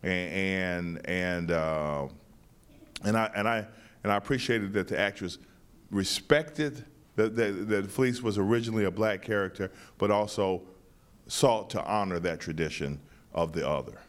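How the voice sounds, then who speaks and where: A man with a lowish voice talks through his play in an interview. He starts sentences again and again and circles back before landing his point, thoughtful and unhurried. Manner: halting, many repeated starts, thoughtful. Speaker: playwright and director. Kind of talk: interview answers.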